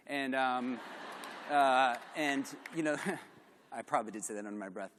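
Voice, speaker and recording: A man's voice: on the high side, brisk. Self-deprecating man talking in a hall. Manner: animated and self-deprecating, with many fillers and acted-out quotes. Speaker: conference speaker. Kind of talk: candid conference talk. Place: large conference hall. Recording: long hall reverb.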